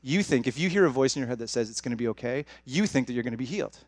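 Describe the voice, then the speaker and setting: A man's voice: mid-range voice, lively intonation, very fast, no room sound. A young man preaching a sermon as pastor, talking to the congregation in a direct, conversational way. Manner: conversational, direct, addresses audience as guys.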